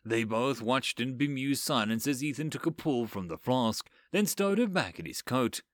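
A man reading a dark fantasy story aloud in an expressive, dramatic way. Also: mid-range voice, moderate pace, no room sound, studio quality. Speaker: narrator. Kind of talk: audiobook story narration.

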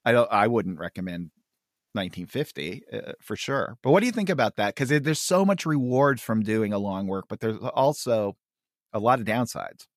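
A man casually discussing comic strips on a podcast, enthusiastic and quick to laugh. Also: lowish voice, dry recording, studio quality. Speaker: podcast co-host. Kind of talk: casual chat about comics.

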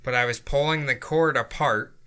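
A man's voice: medium pitch, normal speed, sharp tone, clear, resonant tone. A man co-hosting a podcast, chatting casually and explaining himself in a rambling, defensive way. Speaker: podcast co-host. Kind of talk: casual banter.

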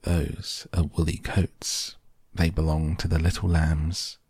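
A man playing a stout, anxious hedgehog washerwoman from a storybook, fussing over her laundry with endless polite "if you please" phrases. The voice is husky and gravelly, lifted a little above a deep speaking voice, dry and close. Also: level tone, takes it slowly, darkish tone, dry recording, heavily acted. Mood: fussing politely.

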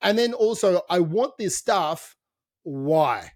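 Man, fitness podcast co-host, upbeat motivational talk, fairly high voice, dry close sound. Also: slow pace, no room sound. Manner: energetic, motivational, swears casually. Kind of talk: casual podcast chat.

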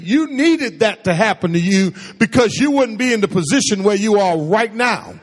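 High-pitched animated preacher man. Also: moderate pace, in a large hall. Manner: call-and-response preaching, asks the congregation questions. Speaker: pastor. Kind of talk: sermon.

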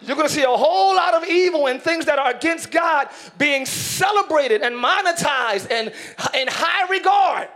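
A man pastor preaching a sermon in church, animated, acting out voices and shouting for emphasis. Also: extremely high pitch, moderate pace, hardly any pauses. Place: church sanctuary.

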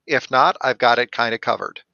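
An experienced player with a bright, forward voice explains his choices cheerfully. The recording is dry and a bit muffled. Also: mid-range voice, brisk, vocal fry, dry recording. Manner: explanatory, upbeat. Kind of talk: casual chat.

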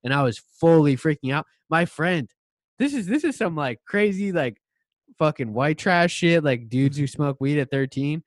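A man's voice: on the high side, lively intonation, moderate pace, dry recording, studio quality. Laid-back young man telling stories. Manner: laid-back storytelling, heavy slang and cursing. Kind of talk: casual chat.

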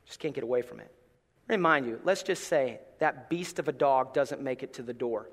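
A middle-aged man, a pastor, preaching a sermon with animated storytelling and playful asides. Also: medium pitch, normal speed, in a large hall.

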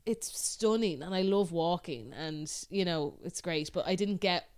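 Irish woman, casual podcast co-host, smooth clear voice, chatty and sweary storyteller. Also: lowish voice, a little slow, darkish tone. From Ireland. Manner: chatty storyteller, swears freely, laughs often. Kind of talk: casual chat.

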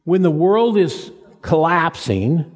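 An older man preaching a sermon in a folksy, halting way, with frequent restarts and self-deprecating humor. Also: on the high side, very animated. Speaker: pastor. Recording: reverberant hall.

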